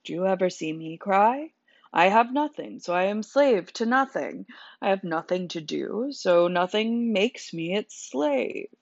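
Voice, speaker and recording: A woman voicing a huge, wild village idiot who turns out to be a calm philosopher, speaking slowly and bluntly. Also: medium pitch, vocal fry, no echo. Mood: calm, preaching. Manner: slow, simple, blunt speech. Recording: dull, dry sound.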